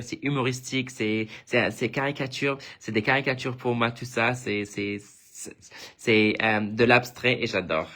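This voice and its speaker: Chatty man showing craft projects live. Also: medium pitch. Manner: chatty and enthusiastic, with frequent restarts and fillers; reads viewer comments and thanks them warmly. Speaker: guest craft designer presenting on a shop live stream. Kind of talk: casual live-stream craft show-and-tell.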